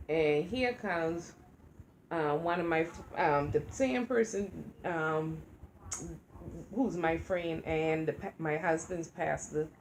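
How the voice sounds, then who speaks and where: A woman's voice: deep voice, slight background noise. Rambling, heartfelt middle-aged woman vlogger. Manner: rambling and heartfelt, faith-filled talk. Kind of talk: casual chat.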